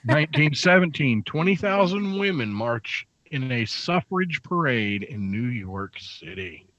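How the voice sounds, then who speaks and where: A middle-aged man reads out facts of the day on a live show, dropping dry, teasing jokes between the items. His voice sits at an ordinary pitch for a man. The sound is close and dry, with no room echo. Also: lively intonation, measured pace, a bit bright, dull audio. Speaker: radio show co-host.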